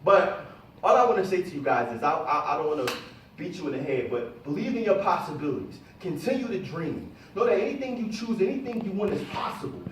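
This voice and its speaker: A middle-aged man giving an animated motivational talk to a live audience and calling on them to answer. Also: high voice, brisk, slight background noise. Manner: animated, calls on the audience for responses. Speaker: motivational speaker. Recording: echoey room, voice from a distance.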